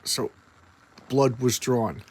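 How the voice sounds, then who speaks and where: A man's voice: medium pitch, drawn-out words, a little mellow, husky. A man casually retelling a comic book story in a loose, rambling way, with many fillers and restarts.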